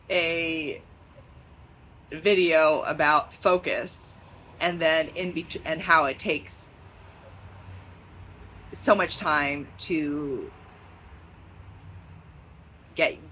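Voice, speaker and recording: A woman's voice: low-pitched, a bit bright, a little hiss or hum, rough recording. A woman talking in a rambling, stream-of-consciousness vlog, drifting into tangents and laughing often. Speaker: vlogger.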